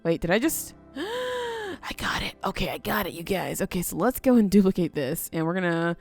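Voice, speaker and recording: A woman's voice: lowish voice, fast, gravelly, faint music behind. A woman casually narrating her building game, chatty and playful, talking to herself as she works. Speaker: gaming video host.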